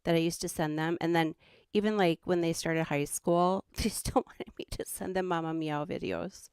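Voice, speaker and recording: A woman's voice: fairly low pitch, fairly even intonation, moderate pace, darkish tone, smooth, dry recording, studio quality. A middle-aged woman with a Minnesotan accent who hosts a livestream and chats casually in a rambling way, laughing often. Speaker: host.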